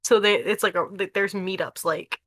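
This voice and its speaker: A woman's voice: mid-range voice, normal speed, fairly bright tone, no room sound. A young woman in a casual podcast chat, teasing and playful.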